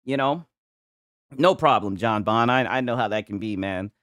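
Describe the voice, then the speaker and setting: A man's voice: on the low side, normal speed, fairly bright tone, no room sound, studio quality. A man casually chatting with his viewers and reading chat on a livestream, laid-back, swearing a lot and laughing often. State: tipsy from a couple of beers.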